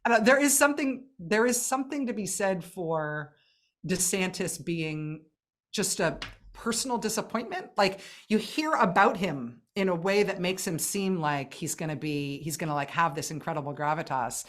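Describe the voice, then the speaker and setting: A woman guest in a casual political conversation, talking in a wry, animated way with laughs and quick asides. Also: lowish voice.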